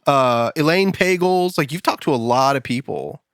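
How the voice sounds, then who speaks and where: A man hosting a podcast in casual chat, rambling and quick as he tells jokes. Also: a little high, expressive, dry recording. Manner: rambling, quick joke-telling. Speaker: podcast host. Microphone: studio mic.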